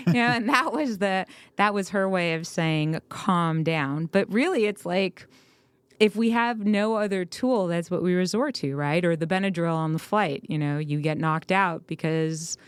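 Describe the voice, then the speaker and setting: A woman co-hosting a parenting podcast, chatting casually and telling animated stories with chuckles. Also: fairly low pitch, unhurried, clean tone, no room sound. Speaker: podcast co-host.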